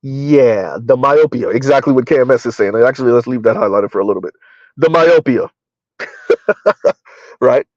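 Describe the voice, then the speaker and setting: A man's voice: medium pitch, animated, moderate pace, long pauses, darkish tone, no room sound. A middle-aged man hosting casual live-stream commentary, rambling with lots of fillers and laughs. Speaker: commentary channel host. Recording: dull, lo-fi dry recording.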